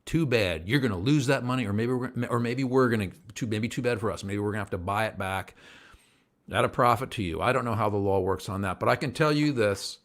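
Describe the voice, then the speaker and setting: A man's voice: lowish voice, quick pace. A man hosting a casual livestream show, talking to viewers at home in an earnest, rambling way that sometimes gets worked up. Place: at home by a window, indoors.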